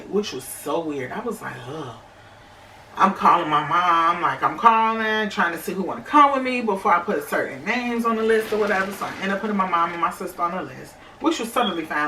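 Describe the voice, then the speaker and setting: A woman's voice: low-pitched, pushed and bright, slight background noise. A young adult woman casually telling a personal story to her viewers, chatty, with many fillers. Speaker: vlogger. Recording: echoey room, slightly distant mic.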